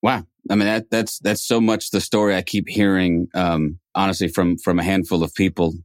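A man's voice: low voice, level tone, moderate pace, dry recording, clean studio sound. A man hosting a podcast in a casual conversation, talking reflectively and often restarting phrases. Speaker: podcast host.

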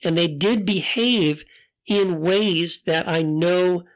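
A man's voice: high voice, slow. A middle-aged man hosting a podcast, talking in a casual reflective monologue, hesitant with many restarts, telling stories candidly. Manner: candid storyteller. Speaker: podcast host.

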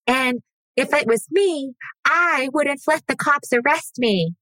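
A woman's voice: high voice, measured pace, sharp tone, dry recording, voice pushed up, rough recording. Woman mimicking a prim, judgy young interviewer. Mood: prim prying.

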